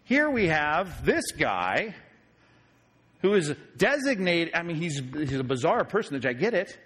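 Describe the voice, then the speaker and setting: A man, a pastor, teaching a sermon on Bible passages in a conversational way, often asking his listeners questions. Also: medium pitch. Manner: conversational, animated, asks the audience questions.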